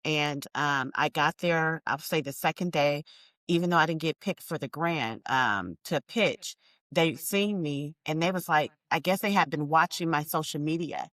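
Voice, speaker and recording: Woman guest in a chatty interview, lowish voice, talks animated and emphatic, says y'all a lot, dry close sound. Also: normal speed, dry recording. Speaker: entrepreneur guest. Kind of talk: casual interview storytelling.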